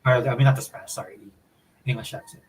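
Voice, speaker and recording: A man from Hawaii with a Hawaiian accent, chatting casually as a podcast co-host in a relaxed, rambling way. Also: mid-range voice, fast, a little hiss or hum, low-quality recording. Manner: laid-back, rambling explanations. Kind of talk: casual chat.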